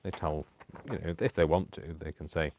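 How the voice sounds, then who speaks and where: A man's voice: extremely low pitch, a little fast, a little mellow, a little hiss or hum. A man hosting a live crafting stream, rambling and talking to himself with a lot of apologies as he works. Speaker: craft channel host. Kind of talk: casual live crafting chat.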